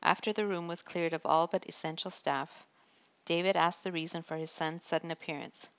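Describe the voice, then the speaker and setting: A woman narrating an audiobook in an even, measured storytelling manner. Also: on the low side, clear, resonant tone, highs cut off. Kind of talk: scripted narration of a historical novel.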